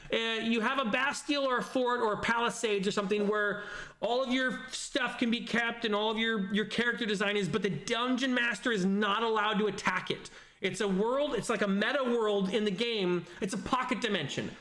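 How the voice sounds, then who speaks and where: A man talks loosely on a livestream, pausing with fillers as he reacts to comments. His voice sits high and bright. The room around him is echoey. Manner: rambling, thinking aloud with many fillers. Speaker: streamer reading viewer comments. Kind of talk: casual livestream chat.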